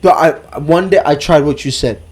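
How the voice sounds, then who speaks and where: A man telling a story in casual podcast chat, animated, swearing a lot and leaning on "like". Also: fairly high pitch, brisk. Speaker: podcast co-host.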